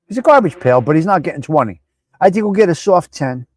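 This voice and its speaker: A man hosting a casual live-stream chat, brash, profane and animated as he talks back at viewers by name. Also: fairly high pitch, fast, no room sound. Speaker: live show host.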